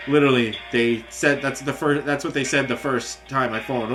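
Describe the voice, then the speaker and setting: Frustrated young man ranting, bright voice. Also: medium pitch, fairly even intonation, soft background music. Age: young adult. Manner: frustrated, swearing, halting restarts, mocking quoted voices. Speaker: vlogger. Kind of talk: angry venting rant.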